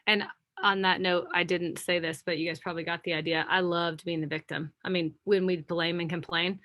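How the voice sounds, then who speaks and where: A woman's voice: on the low side, brisk, no room sound, studio quality. A middle-aged woman giving a candid motivational talk on a video call, speaking to her listeners as friends. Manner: candid, preachy and animated, addressing listeners as friends. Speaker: guest speaker.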